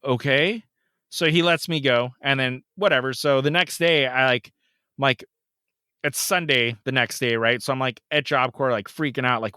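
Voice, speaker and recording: Guy on a podcast telling a story, does all the voices, bright tone, dry close mic. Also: medium pitch, brisk, smooth, dry recording. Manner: animated, acts out the other voices in his story. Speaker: podcast co-host. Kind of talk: casual storytelling.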